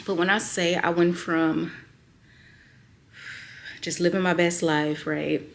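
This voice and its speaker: Woman vlogger, unhurried, sighing and hesitant, on the edge of tears. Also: on the low side, fairly even intonation, gravelly, slight background noise. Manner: slow, heavy, sighing and hesitant. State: emotional, near tears. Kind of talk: personal vlog confession.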